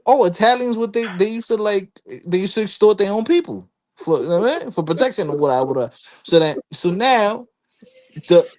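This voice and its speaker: Animated man telling history. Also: high-pitched, brisk. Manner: animated storytelling, acts out quotes, frequent fillers. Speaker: panel guest. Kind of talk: casual chat.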